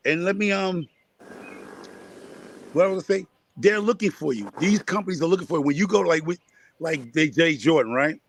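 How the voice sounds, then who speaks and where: A man's voice: a little high, brisk, pauses often, a little hiss or hum. A man from Connecticut talking gardening on a live chat, repetitive and preachy as he rallies his listeners. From Connecticut, USA. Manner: preachy, repetitive, rallying the audience. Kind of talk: casual chat.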